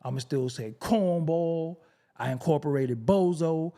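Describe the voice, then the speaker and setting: A man's voice: fairly high pitch, a little slow, warm tone. A man from Brooklyn with a New York accent, ranting as a show host on a live stream, profane and mocking, firing off rhetorical questions. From Brooklyn, New York City. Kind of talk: unscripted rant to a live stream audience.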